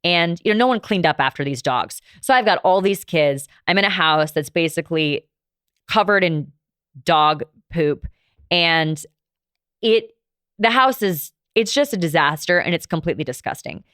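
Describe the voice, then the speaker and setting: A woman's voice: fairly low pitch, animated, moderate pace, a bit bright, clear, resonant tone, no room sound, studio quality. A woman in her thirties hosting a podcast, candidly telling a personal story in a casual, conversational way with frequent fillers. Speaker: podcast host.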